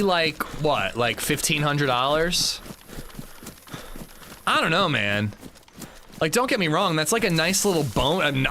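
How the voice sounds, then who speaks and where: A young man on a gaming livestream, talking loosely and swearing freely as he answers chat. His voice sits a bit high and bright, swinging widely in pitch. A faint hiss sits under it. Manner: chatty, loose and profane, reads and answers chat. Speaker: game streamer.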